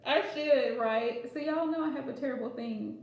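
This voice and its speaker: Woman, high voice, playful jokester, casual live chat, very echoey room. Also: moderate pace, vocal fry, dull audio. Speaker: host.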